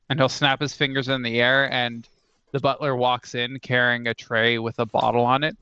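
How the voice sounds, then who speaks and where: A man narrating a tabletop game as game master, describing actions in a relaxed way. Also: mid-range voice, moderate pace, clean tone, no echo, lo-fi sound.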